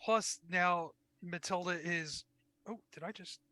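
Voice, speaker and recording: A man at a tabletop game describes his character's actions in a high, bright voice. The sound is dry and close. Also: takes it slowly, dry recording. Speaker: player.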